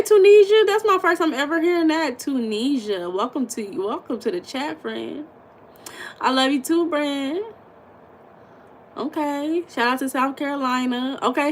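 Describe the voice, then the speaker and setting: Chatting through a casual livestream, an American woman reads out viewer comments in a blunt, lively manner, now and then swearing or bursting out emphatically. Her voice is a little high. The recording is rough, with a slight hiss or hum.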